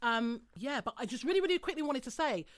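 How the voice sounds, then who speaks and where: A woman's voice: high-pitched, animated, fast talker, dry recording. A woman hosting a casual podcast, teasing her guests in giggly banter. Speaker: podcast host.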